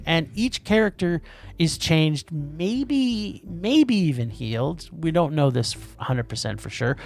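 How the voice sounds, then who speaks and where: A man co-hosting a podcast, chatting casually about films, animated and tripping over his words. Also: a little high, creaky. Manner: animated, quick, trips over words, restarts. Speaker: podcast co-host. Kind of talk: casual movie review chat.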